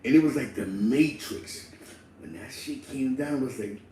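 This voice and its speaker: A man telling a street story in slangy, animated casual talk, laughing and acting out the people in it. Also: medium pitch, normal speed. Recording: roomy echo, distant mic, faint ambience.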